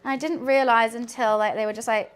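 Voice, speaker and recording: A young British woman streaming from her kitchen while she cooks, telling rambling, excitable stories and laughing often. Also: on the high side, fairly quick, clear, resonant tone. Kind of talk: casual chat while cooking on a livestream.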